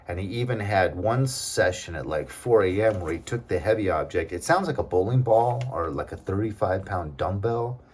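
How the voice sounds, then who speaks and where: A man's voice: low voice, lively intonation, normal speed, hardly any pauses, a little mellow, a little hiss or hum. A man vlogging in a casual, rambling monologue, talking in an aggrieved tone with many fillers and asides.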